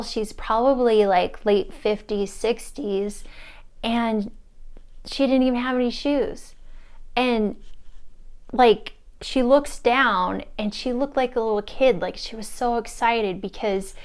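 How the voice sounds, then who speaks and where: A young woman, a spiritual mentor, casually telling a story to the camera and acting out the quoted lines with big jumps in her voice. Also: a little mellow. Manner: chatty, acts out quotes with big pitch jumps and laughs.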